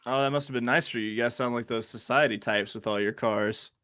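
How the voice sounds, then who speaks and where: A man's voice: mid-range voice, fairly even intonation, a little fast, pushed and bright, no echo. A man co-hosting a casual podcast, teasing with playful, sarcastic banter. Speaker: podcast co-host. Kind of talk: casual chat.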